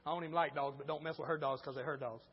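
A male pastor preaching a sermon, moving between quiet storytelling and shouted preaching in casual speech. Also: a little high, steady tone, very fast, long reverb tail, muffled recording, a little hiss or hum. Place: church.

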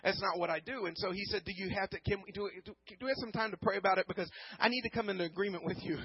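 A man preaching a sermon, telling a personal story earnestly, often repeating words and swinging from hushed to loud. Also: high voice, very fast, husky, no room sound, dull audio. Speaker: pastor.

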